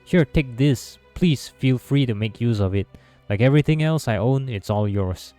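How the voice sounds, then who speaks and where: A man reading the lines of a soft-spoken, sweetly sympathetic maid who calmly admits to murder, in a game. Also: mid-range voice, normal speed, soft background music, close to an everyday voice. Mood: solicitous.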